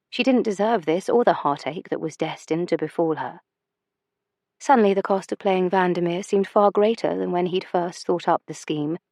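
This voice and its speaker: A woman narrating a historical romance audiobook in a measured, expressive storytelling manner. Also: fairly low pitch, no room sound.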